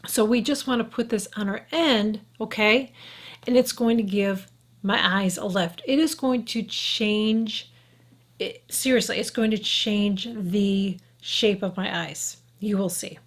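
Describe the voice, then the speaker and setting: Working at her mirror, a woman in her fifties chats frankly through a makeup tutorial, often checking in with "okay?" and occasionally lowering her voice to a whisper. She's a beauty vlogger with a mid-range voice and a slightly slow delivery.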